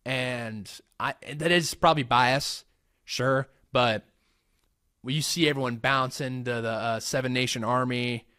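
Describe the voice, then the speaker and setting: A man's voice: medium pitch, fairly even intonation, a little slow, pushed and bright, clean tone, no echo, clean studio sound. A young American man hosting a casual Q&A vlog and answering fan questions in an easygoing, rambling way with lots of fillers. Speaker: host.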